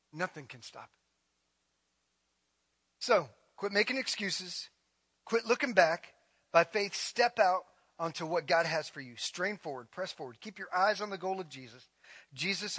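A middle-aged pastor preaches a sermon, building up to loud, emphatic declarations before easing into a soft, guided prayer. His voice sits high, and there's no echo.

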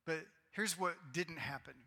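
A pastor in his forties preaching a sermon to his congregation, earnest and bursting into loud, excited outbursts. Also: on the high side, a little slow. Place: church sanctuary. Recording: long reverb of a large hall.

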